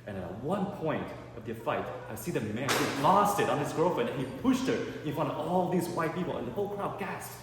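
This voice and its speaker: A male stand-up comedian tells his stories in an animated way, his pitch swinging widely as he acts out the people in them. His voice rings through a big echoey hall with a long reverb tail. Clear background noise sits under his voice. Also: a little fast, hardly any pauses. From Canada. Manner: animated storytelling with acted quotes. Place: art gallery event space with a live audience.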